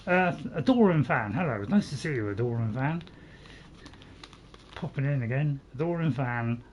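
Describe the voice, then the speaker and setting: A man's voice: mid-range voice, lively intonation, unhurried, pauses often, lo-fi sound, slight background noise. A man hosting a casual let's-play, rambling and chatting to his viewers as he plays. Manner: rambling, self-admitted waffler; chatty, talks to viewers in chat. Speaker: gaming channel host.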